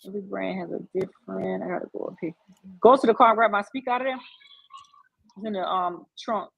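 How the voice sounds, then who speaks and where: A woman talking casually in her own vlog clip, rushed and talking between remarks to her kids. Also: mid-range voice, gravelly, slightly rough, no room sound. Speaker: vlogger. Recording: muffled lo-fi clip with faint noise.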